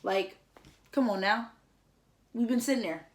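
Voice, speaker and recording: A woman's voice: fairly high pitch, a little slow. A young woman vlogger telling a story in a chatty, slangy way, full of "like" and acted-out lines. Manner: animated, acts out others' lines. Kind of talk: casual storytelling.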